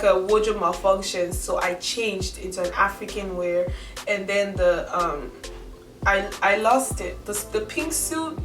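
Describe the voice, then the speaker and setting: A young woman vlogger telling a story in a chatty, animated way, acting out her own quotes. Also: mid-range voice. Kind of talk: casual storytelling. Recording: roomy echo from a distance, music behind. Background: background music.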